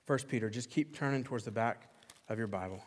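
A pastor preaching a sermon with impassioned, emphatic repetition, swinging between loud exclamations and quiet intensity. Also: male voice, mid-range voice, quick pace. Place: church sanctuary. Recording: long reverb of a large church hall.

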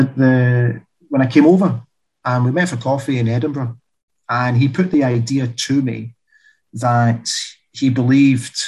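A man speaks as an author in a relaxed interview, with a husky edge to his voice. He tells long anecdotes and laughs as he goes. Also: mid-range voice, low-quality recording. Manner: chatty storyteller, laughs while telling anecdotes. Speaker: author and guest. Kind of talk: casual interview chat.

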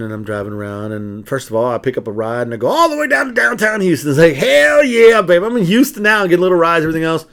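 A man co-hosting a casual podcast, telling stories in an animated way, laughing and swearing. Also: medium pitch. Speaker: podcast co-host. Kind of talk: casual chat, storytelling.

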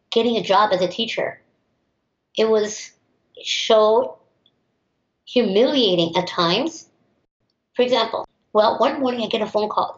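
A young American woman, a teacher, answering interview questions in an outspoken and emphatic way. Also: mid-range voice. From United States. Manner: outspoken and emphatic, acts out others' voices. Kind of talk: interview answers, personal storytelling. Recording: roomy, slightly dull recording.

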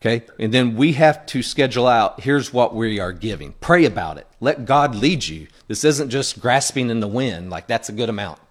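Earnest man preaching a conversational sermon. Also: mid-range voice. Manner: frequent checking-in asides to the congregation; earnest, plainspoken teaching with personal stories. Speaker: pastor.

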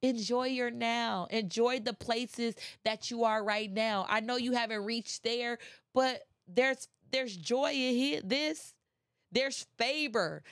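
A woman's voice: on the high side, takes it slowly, clear, resonant tone, no room sound, studio quality. A woman giving a casual inspirational talk, emphatic and chatty, repeating phrases and speaking straight to her listeners. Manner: chatty, addresses listeners directly. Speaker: motivational speaker.

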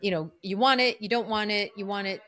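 A woman's voice: mid-range voice, fairly quick. Earnest woman telling a personal story. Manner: lively, earnest storyteller who acts out her own inner voice. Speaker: podcast guest, coach. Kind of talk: storytelling in a podcast interview.

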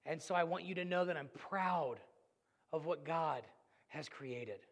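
A man preaching a sermon as pastor, earnest and storytelling, swinging between loud and hushed. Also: on the high side, a little slow, in a large hall.

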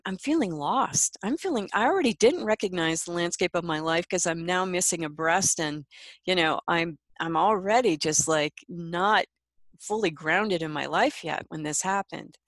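Female interview guest, lower pitch, dry close mic, soft and reflective. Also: lively intonation, normal speed, dry recording. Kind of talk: emotional personal interview.

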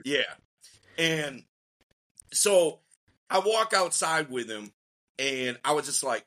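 A man, a dating coach on a podcast, telling a story in a casual, slangy way and acting out the quotes with lively energy. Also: fairly high pitch, slow pace, pauses often. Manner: animated, slangy storyteller who acts out quotes.

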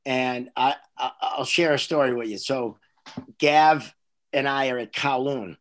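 A man's voice: medium pitch, measured pace. Man, comedian, rambling storyteller, casual podcast chat. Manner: rambling, animated storyteller with restarts. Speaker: comedian host.

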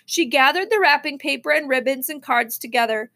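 A woman reading a children's novel aloud, expressive, with small slips and restarts. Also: sits high, fairly quick. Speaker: reader.

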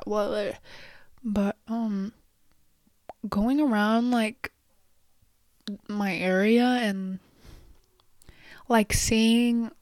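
A woman's voice: mid-range voice, fairly even intonation, slow pace, long pauses, a little mellow, no room sound, clean studio sound. Rambling teenage girl vlogger. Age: teens. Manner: rambling, many fillers, whispery asides. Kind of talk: casual personal storytelling.

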